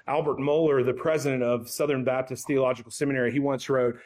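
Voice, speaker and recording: A man's voice: medium pitch, flat delivery, quick pace, few pauses, a little mellow. A man preaching as a guest pastor in a church, earnest and prayerful, with emphatic repetition. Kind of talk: sermon.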